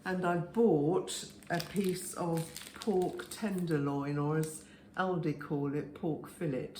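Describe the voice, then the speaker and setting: A woman in her seventies from England, chatting homely and unhurried as she demonstrates a simple recipe in her home kitchen. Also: low voice, fairly even intonation, darkish tone, echoey room, a little hiss or hum. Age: 70s. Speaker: home cook, channel host. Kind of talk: casual cooking demonstration.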